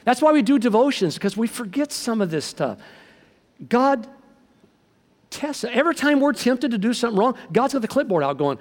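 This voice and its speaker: A middle-aged man preaching a sermon as pastor, telling stories in a lively way and acting out the voices of the people in them. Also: extremely high pitch, moderate pace. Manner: animated storytelling, acting out quoted voices. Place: large church hall. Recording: long reverb from a large hall.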